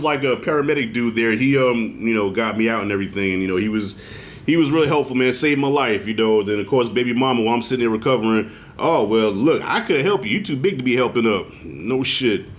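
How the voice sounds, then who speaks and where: A middle-aged man giving a casual video review of a TV show, telling stories in a loose, profane, animated way. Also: mid-range voice. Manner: animated, profane storytelling with acted-out quotes.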